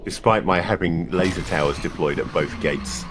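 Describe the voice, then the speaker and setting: Low-voiced man chatting wryly over a game. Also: moderate pace. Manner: chatty and wry, with frequent restarts. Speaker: co-player advising on the game. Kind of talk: casual gaming chat.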